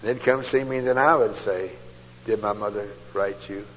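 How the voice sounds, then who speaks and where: A man telling his conversion story as a sermon, folksy and storytelling, jumping from loud outbursts to hushed asides. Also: lowish voice, moderate pace. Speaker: preacher giving testimony. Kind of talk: testimony sermon. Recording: dull old tape recording in a large hall, faint hiss.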